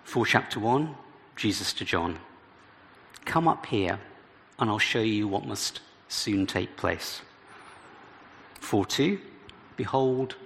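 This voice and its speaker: Male preacher, lowish gravelly voice, expository sermon in a church hall with long reverb. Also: a bit bright. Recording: reverberant hall with faint background noise.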